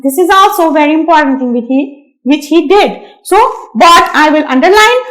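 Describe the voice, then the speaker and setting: A woman teaching a lesson to young children, speaking slowly and emphatically, repeating key words and calling her listeners "my dear students". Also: sits high, fairly bright tone, low-quality recording.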